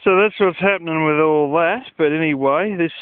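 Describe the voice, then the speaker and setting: A man's voice: a little high, normal speed, clean tone, no room sound. A man, talking casually in a rambling vlog, swearing and using lots of fillers, recorded outdoors at night. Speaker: vlogger. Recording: dry, phone-like lo-fi sound.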